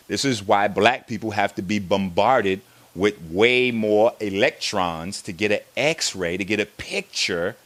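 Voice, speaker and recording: Low-voiced man lecturing, emphatic. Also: a bit bright, no room sound. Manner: emphatic, keeps checking in with the listeners. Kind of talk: lecture to an audience.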